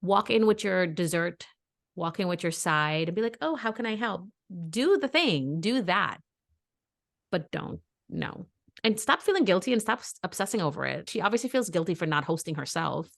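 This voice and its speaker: A woman's voice: fairly low pitch, moderate pace, vocal fry. Blunt, opinionated woman podcast host. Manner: blunt, opinionated, animated storytelling. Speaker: mother. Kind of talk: casual chat.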